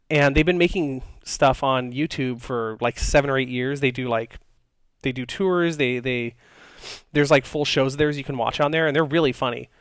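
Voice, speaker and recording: A man's voice: fairly high pitch, smooth, dry recording. A man co-hosting a podcast, chatting casually and rambling with many fillers and restarts. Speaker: podcast co-host. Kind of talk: casual chat.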